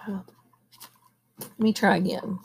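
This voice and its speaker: A woman reading a novel aloud at a steady pace, now and then pausing to correct herself. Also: medium pitch, gravelly, a little hiss or hum. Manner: steady reading with occasional coughs and self-corrections. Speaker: audiobook reader. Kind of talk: amateur audiobook reading.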